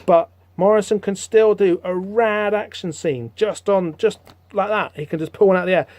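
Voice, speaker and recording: A man hosting a podcast, rambling through a comic book issue in casual, animated commentary with lots of fillers. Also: sits high, normal speed, no room sound. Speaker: podcast host.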